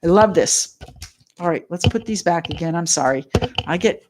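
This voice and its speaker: A middle-aged woman giving a live tarot reading, excitable and chatty, talking straight to her viewers and greeting them by name. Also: on the low side, moderate pace, noisy background. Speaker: tarot reader.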